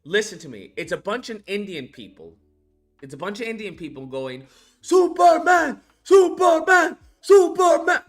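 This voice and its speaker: A man's voice: on the high side, sing-song, fairly quick, fairly bright tone, faint music behind. A man casually recapping a movie in a rambling, crude rant full of fillers. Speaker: movie reviewer. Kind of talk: casual ranting film recap.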